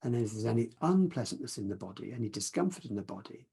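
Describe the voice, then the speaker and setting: Male meditation teacher, soft and reflective, slightly breathy mellow tone, video-call sound. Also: mid-range voice, big pitch swings. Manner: gentle, reflective, unhurried. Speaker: mindfulness teacher. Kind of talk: teaching talk with guided practice.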